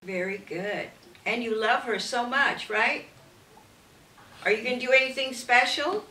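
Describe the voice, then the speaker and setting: Woman, encouraging children's interviewer, high bright voice, roomy echo, set back from the mic. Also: unhurried, far from the mic. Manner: encouraging, asks short prompting questions. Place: church room.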